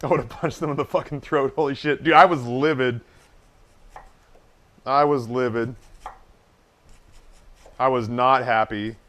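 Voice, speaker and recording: A man's voice: medium pitch, steady tone, unhurried, pauses often, a bit bright. A man streaming live, telling a long story from his waiting days in a casual, profane, self-deprecating way.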